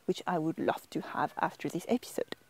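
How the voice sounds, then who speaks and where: A woman's voice: low voice, a little fast, dry recording. French woman teaching, dry close sound. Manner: explanatory, demonstrates French phrases with playful intonation. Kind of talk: online language lesson.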